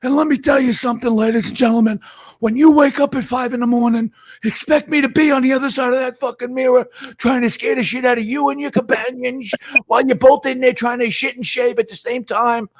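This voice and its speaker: A man putting on an impression of a boastful middle-aged pillow salesman, crude and shouting like an infomercial. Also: very high voice, fairly even intonation, brisk, voice pushed up. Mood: shouting pitch.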